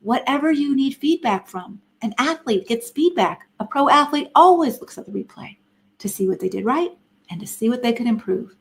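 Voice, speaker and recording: A woman's voice: a little high, animated, moderate pace. A middle-aged woman giving an earnest, emphatic teaching talk on a live stream, asking many rhetorical questions. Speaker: Christian counselor and speaker.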